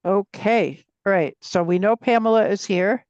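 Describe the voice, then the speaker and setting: Brisk woman taking roll call on a video call. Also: medium pitch, darkish tone, no room sound, dull audio. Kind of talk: remote public meeting.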